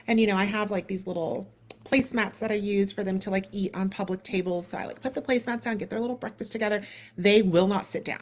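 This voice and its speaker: A woman in her thirties hosting a podcast, telling a long story in a casual, animated way, full of "like" and acted-out dialogue. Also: mid-range voice, quick pace. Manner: animated, lots of "like" and quoted dialogue. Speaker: podcast co-host.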